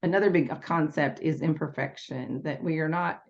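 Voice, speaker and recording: A woman with a low, gravelly voice explains her work as a parenting educator in steady, teaching tones. Her guest answers have a patient, instructive manner. The sound is dull and lo-fi. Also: moderate pace. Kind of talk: interview answers. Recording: dull lo-fi audio.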